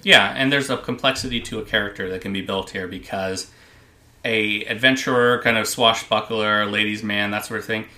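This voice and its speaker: A man's voice: on the low side, steady tone, normal speed, pushed and bright. A man co-hosting a comics podcast, playful and teasing, a keen fanboy. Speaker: podcast co-host. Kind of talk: casual comics podcast chat.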